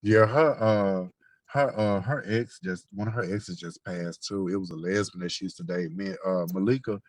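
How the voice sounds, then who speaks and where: A man gossiping with his best friend on a phone call. He tells lively, profane stories in slangy talk. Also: deep voice, moderate pace, no room sound.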